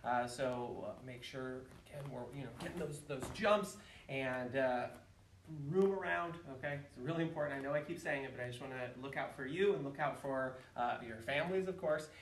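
A man teaching an online martial arts class, counting reps and giving instructions with bursts of shouted yells. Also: medium pitch, normal speed, recorded from a distance, a little hiss or hum. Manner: energetic, calls counts and shouts kiai yells. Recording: echoey room, voice away from the mic.

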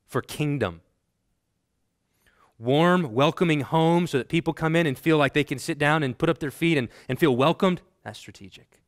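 A man's voice: on the high side, moderate pace, no echo, clean studio sound. Man giving a conversational seminary lecture. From Texas. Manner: conversational, many restarts and ums, builds to emphatic lists. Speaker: teacher. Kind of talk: classroom lecture with personal anecdotes.

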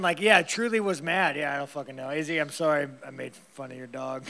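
A man's voice: on the high side, fairly quick, hardly any pauses, sharp tone. A man answering press questions after a fight, blunt and rambling, swearing heavily and tired.

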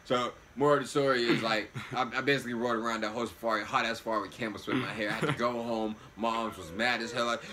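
A young man hosting a reaction video, telling a long story in loose, slangy, animated casual chat. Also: mid-range voice, fast talker, few pauses, a little hiss or hum.

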